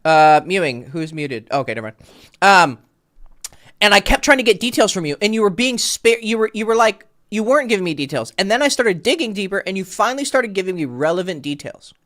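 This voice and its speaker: A man's voice: high-pitched, sing-song, a little fast, a bit bright. A man working as a dating coach, talking a client through his mistakes on a call in a blunt, casual way that includes swearing.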